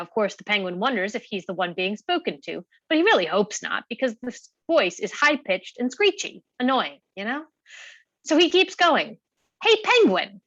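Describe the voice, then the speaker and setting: A woman reading a comic monologue aloud in an animated, playful storytelling manner. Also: on the high side, dry recording, dull audio. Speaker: play reader.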